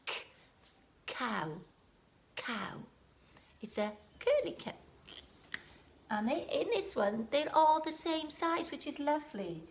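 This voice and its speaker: A woman with a Welsh accent, a primary school teacher giving a home-learning phonics lesson, sounding out letters slowly and encouragingly. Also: sits high, sing-song, creaky.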